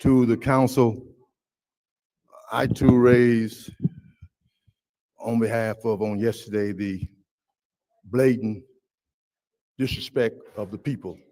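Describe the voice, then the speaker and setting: A man's voice: medium pitch, steady tone, takes it slowly, pauses often, mellow, low-quality recording. Indignant man addressing city council. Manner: emphatic and indignant. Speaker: resident speaking at public comment. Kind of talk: public comment speech.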